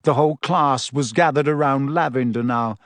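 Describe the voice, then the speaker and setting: A podcast co-host reading a novel passage aloud in a measured, expressive way. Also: medium pitch, no room sound.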